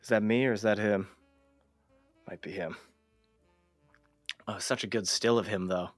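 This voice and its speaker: A man hosting a casual livestream interview, asking questions haltingly with many fillers. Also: on the low side, steady tone, dry recording. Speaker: host. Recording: dry close sound with faint music.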